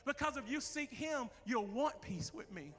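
A man preaching a passionate sermon to his church as its minister, at times shouting. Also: extremely high pitch, sing-song, moderate pace, long reverb tail. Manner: impassioned preaching, rising to shouts. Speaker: pastor. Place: church sanctuary.

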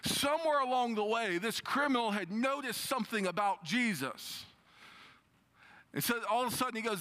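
A man preaching a sermon, reading scripture and retelling it with expressive rises and drops. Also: normal speed. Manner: expressive preaching with dramatic pitch swings when quoting scripture. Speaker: pastor.

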